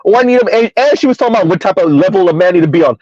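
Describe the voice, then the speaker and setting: A man's voice: high-pitched, expressive, racing, darkish tone, dry recording, dull audio. A man hosting a casual livestream commentary, emphatic and rambling, chuckling between points. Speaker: commentary channel host.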